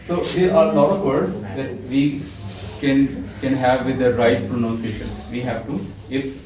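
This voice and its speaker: A man's voice: medium pitch, fairly even intonation, moderate pace, crowd noise. A male teacher giving a classroom lecture, acting out example tones of voice and quizzing his students. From Pakistan. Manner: demonstrative, acts out example tones, asks class questions. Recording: echoey classroom from far off.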